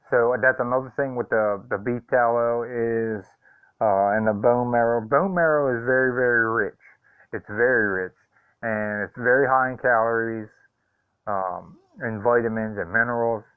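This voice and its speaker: A man speaks to his viewers in a halting, sincere way, often pausing on ums and uhs. His voice is smooth and clean. The sound is dry and narrow, like a phone line. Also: mid-range voice, dry recording. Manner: hesitant, full of ums and uhs, heartfelt. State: choked up. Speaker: vlogger. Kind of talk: casual vlog talk.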